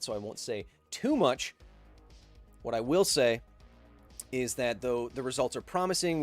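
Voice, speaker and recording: A man hosting a casual livestream, reading out viewer donations and answering them with playful, self-mocking jokes. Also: medium pitch.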